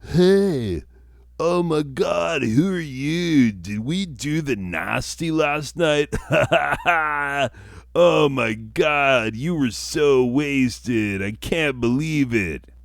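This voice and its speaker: A man's voice: fairly high pitch, expressive, drawn-out words, creaky, no echo, clean studio sound, voice pushed up, heavily acted. A man voicing a dumb, giddy young guy who gushes and squeals.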